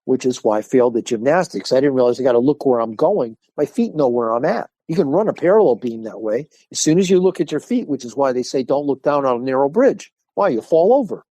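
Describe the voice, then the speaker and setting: An older man, a martial arts instructor, talking as a guest in an interview, animated and acting out the voices of people in his stories. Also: mid-range voice, fast talker, hardly any pauses, no echo. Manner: animated storyteller, acts out quoted voices. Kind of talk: casual interview talk.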